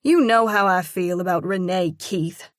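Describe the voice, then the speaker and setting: A woman voicing the heroine of a romantic audiobook, a spirited young woman who answers in clipped, sharp retorts. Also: medium pitch, a little slow, dry recording, studio quality, pitched above the performer's own voice, natural voice. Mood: defensive.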